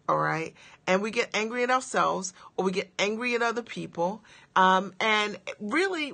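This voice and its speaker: A woman's voice: mid-range voice, sharp tone. A woman business coach giving an emphatic motivational talk on a livestream, firing off rhetorical questions and checking in with her audience after each point. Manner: asks rapid rhetorical questions.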